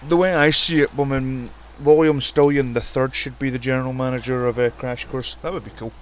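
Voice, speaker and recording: A man giving casual, profane, excitable commentary on a wrestling video game and ranting about the roster. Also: mid-range voice, fairly quick. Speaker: commentator and show runner.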